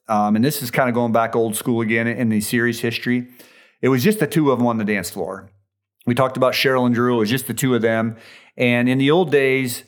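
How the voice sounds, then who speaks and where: A man hosting a podcast, giving a casual, enthusiastic fan recap with chatty fillers. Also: medium pitch. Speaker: podcast host recapping a dance show.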